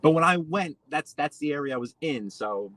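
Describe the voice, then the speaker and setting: A man's voice: fairly high pitch, lively intonation, moderate pace, fairly bright tone, dry recording, rough recording. Chatty New man talking while driving. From New York. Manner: rambling, chatty, addresses viewers by name. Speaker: live-stream host. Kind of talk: casual chat while driving. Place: in a car.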